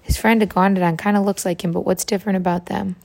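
Woman, storybook read-aloud for children, animated, asks questions, medium pitch. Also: fast, gravelly. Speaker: reader to children. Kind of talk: reading a picture book aloud to children.

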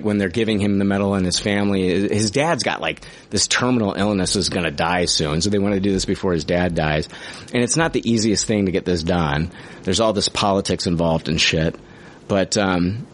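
A man hosting a show, chatting casually about a movie, rambling with restarts, swearing freely and laughing at himself. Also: on the low side. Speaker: podcast host reviewing movies. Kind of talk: casual chat.

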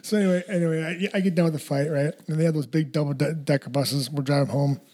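Young male guest, animated slangy storyteller, rapid delivery. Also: a little high. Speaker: guest, fighter. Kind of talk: casual storytelling.

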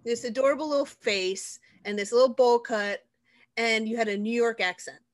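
A woman's voice: a little high, fairly even intonation, moderate pace. A middle-aged woman co-hosting a podcast, chatting playfully with her brother, laughing often and trying silly voices. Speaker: podcast co-host. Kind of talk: casual chat between siblings.

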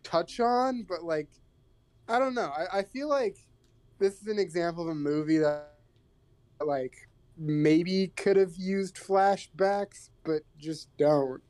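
A man's voice: sits high, takes it slowly, darkish tone. A man co-hosting a podcast, chatting casually about a film in a hesitant way, full of fillers and restarts. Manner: hesitant, fills with many "like"s and "um"s. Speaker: podcast co-host.

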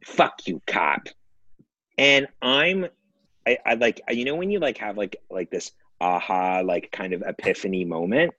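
A man's voice: fairly low pitch, normal speed, bright, forceful tone, no echo, lo-fi sound. A man telling a story on a podcast, rambling with many fillers and frequent laughs. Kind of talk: casual storytelling.

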